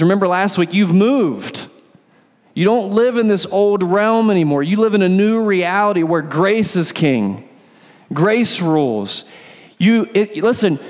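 A male pastor preaching a sermon, explaining scripture and asking rhetorical questions. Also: on the high side. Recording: long hall reverb.

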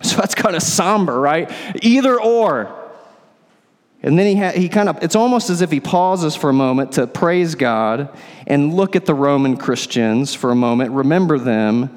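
A man's voice: a little high, moderate pace. A male pastor preaching a sermon, explaining scripture and asking rhetorical questions. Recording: long hall reverb.

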